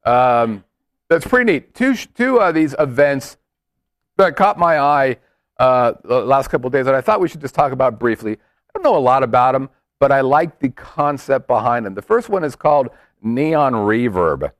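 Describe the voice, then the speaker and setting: A man's voice: medium pitch, animated, normal speed, dry recording, studio quality. A man co-hosting a casual chat show, playful and joking. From Las Vegas. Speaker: podcast co-host.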